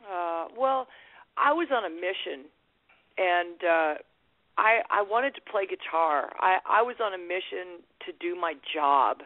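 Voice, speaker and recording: A woman's voice: on the low side, no echo. A woman guest musician talking candidly in a phone interview, restarting her sentences and laughing often. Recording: tinny phone line.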